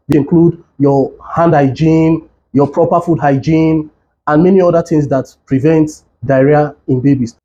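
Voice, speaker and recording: A man's voice: fairly high pitch, mellow, a little hiss or hum. A man, a doctor earnestly teaching caregivers with urgent, repeated warnings. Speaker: doctor giving health education. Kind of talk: instructional talk with demonstration.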